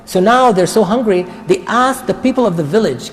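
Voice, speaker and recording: A man teaching a Quran study circle, retelling a story in a casual, conversational way with quick asides. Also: high voice, animated, a little hiss or hum. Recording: long reverb of a large hall.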